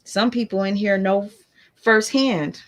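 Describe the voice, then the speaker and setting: A woman chatting on a phone livestream as host of her own channel. She talks loosely and warmly to her viewers, thanking them and addressing her baby, in a mid-range voice. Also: mid-range voice, fairly even intonation, slow. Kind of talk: casual livestream chat.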